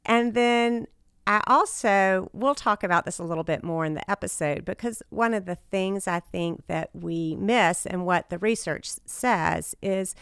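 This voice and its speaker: A middle-aged woman with a raspy voice, hosting her own podcast in chatty, enthusiastic talk. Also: fairly low pitch, no room sound, clean studio sound. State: raspy voice after a loud night. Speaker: podcast host. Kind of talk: casual solo podcast talk.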